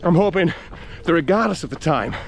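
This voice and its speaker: A man's voice: on the high side, lively intonation, brisk, gravelly, a little hiss or hum. A man with a North East English accent, chatting cheerily and laughing as he vlogs a trail run, out of breath. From North East England. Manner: chatty, cheery, laughs often, greets runners. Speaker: running vlogger. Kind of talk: casual vlog commentary while trail running. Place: outdoor hill and woodland trail.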